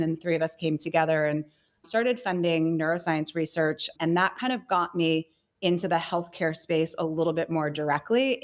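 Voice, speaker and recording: A woman in her thirties, a company co-founder, talking through her career in a relaxed podcast interview, reflective and full of fillers. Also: deep voice. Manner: reflective, many fillers like "you know" and "kind of". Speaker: guest, company co-founder and CEO.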